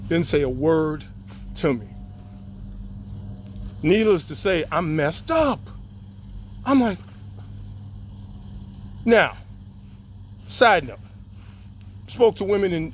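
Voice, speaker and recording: A man telling a long personal story to his viewers in a casual, rambling way, breaking off to greet people. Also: sits high.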